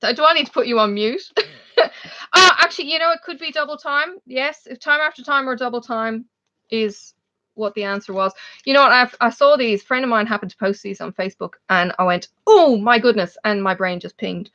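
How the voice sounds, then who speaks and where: A woman's voice: fairly high pitch, a little fast, a bit bright. Chatty Australian woman host; rambling, easy live-chat delivery with frequent laughter, a bit muffled. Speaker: livestream host. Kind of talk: casual chat with live viewers.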